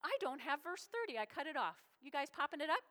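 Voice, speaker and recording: Animated high-voiced woman preaching. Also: fast, big-room sound. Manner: animated, folksy, acts out little voices. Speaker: pastor. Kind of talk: sermon.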